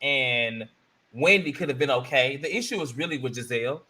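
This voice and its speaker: A man on a podcast panel, chatting casually about a reality show and acting out quotes with big jumps in pitch. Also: animated, moderate pace, bright, forceful tone. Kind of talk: casual reality-TV recap chat.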